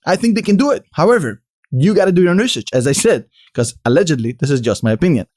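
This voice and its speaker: A man's voice: a little high, animated, fast talker, a little mellow. A man with a delivery hosting a casual stock analysis vlog, confidently explaining and answering his own questions. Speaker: finance video host.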